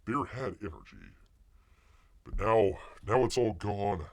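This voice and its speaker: This man hosts a live stream and gives sarcastic, exasperated commentary. His pitch swings widely as he reacts, and he lets out frequent exclamations. He often refers to himself as Bear in the third person. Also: very animated, slow pace, creaky, long pauses. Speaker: livestream host.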